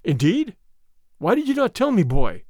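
A man reading an audiobook voices a rough, hot-tempered woodsman father who exclaims loudly. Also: high voice, huge pitch swings, moderate pace, dry recording, studio quality. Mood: angry. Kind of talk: audiobook character voice.

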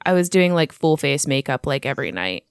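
A woman's voice: sits low, very animated, a little fast, clean tone, no echo, studio quality. A young woman co-hosting a podcast in casual chat, teasing and often breaking into laughs. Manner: giggly, teasing, trails into laughs. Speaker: podcast co-host.

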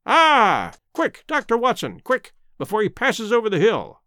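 A man's voice: high-pitched, sing-song, normal speed, fairly bright tone, no echo, studio quality, pitched above the performer's own voice. A man playing a pompous spiteful old squire. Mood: excited. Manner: indignant, blustering, emphatic.

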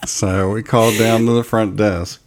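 A man's voice: lowish voice, steady tone, normal speed. A man co-hosting a podcast, casually filling in practical details of a family trip. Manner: matter-of-fact, fills in details. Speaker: podcast co-host and parent. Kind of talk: casual conversation.

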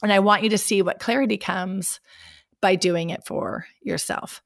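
A middle-aged woman hosting a solo podcast, her voice scratchy from a cold, talking animatedly, laughing and clearing her throat. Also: medium pitch, steady tone, moderate pace. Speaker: podcast host. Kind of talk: casual solo podcast talk.

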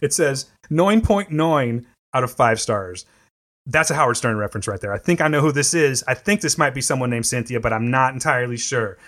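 A man's voice: medium pitch, animated, a little fast, a bit bright. A man hosting a podcast in casual chat, loose, rambling and profane. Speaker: podcast host.

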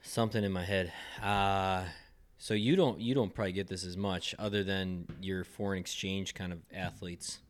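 A man with a Wisconsin accent trades jokes in a casual podcast chat. His voice sits very low, and the recording is close and dry with no room sound. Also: fairly even intonation, normal speed, no echo. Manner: joking, playful banter. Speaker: podcast co-host, athletic trainer.

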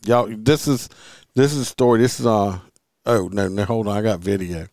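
A man's voice: on the low side, normal speed, darkish tone, dry recording, studio quality. Blunt, profane man. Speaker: podcast host reading news. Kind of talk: casual political talk.

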